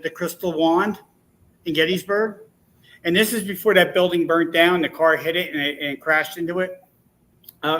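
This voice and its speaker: Bright, animated man telling a story. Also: a little high. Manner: rambling, animated storytelling with many restarts. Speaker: guest. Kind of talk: storytelling in a casual online talk show.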